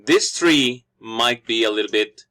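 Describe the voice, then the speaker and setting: Bright-voiced man teaching English pronunciation. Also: medium pitch, unhurried. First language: Spanish. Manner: explanatory, repeats each word after the audio. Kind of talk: phonetics lesson, repeating audio examples.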